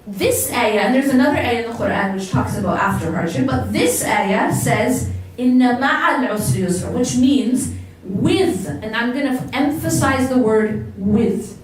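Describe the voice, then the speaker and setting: A woman's voice: fairly high pitch, lively intonation, a little slow, few pauses. An American woman giving a motivational religious lecture to a live audience, often asking the listeners questions and repeating words for emphasis. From United States. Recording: very echoey hall, distant mic.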